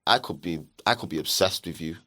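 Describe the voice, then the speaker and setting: A man with a very deep voice, chatting in a group podcast. He speaks in a low-key, reflective way, keeping his tone level and unhurried. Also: sharp tone. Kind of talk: casual group chat.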